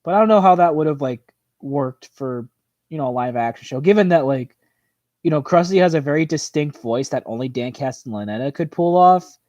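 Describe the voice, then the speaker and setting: A man hosting a livestream in a casual, rambling chat, filling his talk with "like" and "you know" as his voice tires and goes hoarse. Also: medium pitch, darkish tone, no echo, dull audio. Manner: rambling, full of "like" and "you know", quick laughs. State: voice tiring and hoarse. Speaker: livestream host. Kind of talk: casual chat reacting to viewer comments.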